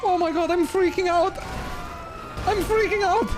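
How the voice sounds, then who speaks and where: A man's voice: very high-pitched, steady tone, unhurried, background noise. A man voicing a panicky elderly grandfather who speaks broken English, in a live-streamed game role-play. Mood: panicked. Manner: frantic, broken grammar, nervous laughs.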